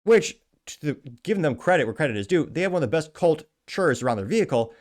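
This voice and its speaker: A man's voice: on the high side, very animated. A man hosting a show, reading out a news article and adding wry, chatty asides in casual commentary. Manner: wry, chatty, quick asides and self-corrections. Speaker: show host.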